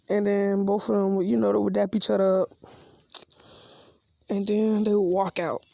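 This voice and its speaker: A woman's voice: mid-range voice, vocal fry, mellow, dry recording, clean studio sound. A woman telling a made-up fan story in a loose, rambling, slangy way, briefly voicing each character. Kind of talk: casual spoken fan story.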